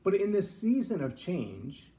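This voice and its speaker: A man's voice: high voice, very animated, a little slow, warm tone. A middle-aged man from Texas hosting a live-stream vlog in a folksy, reflective way with jokey asides. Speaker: vlog host. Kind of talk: casual live-stream talk.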